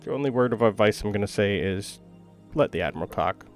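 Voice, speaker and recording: A man voicing a stern, fastidious old male dwarf butler with a deep voice, curt and wary of his guests. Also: lively intonation, soft background music.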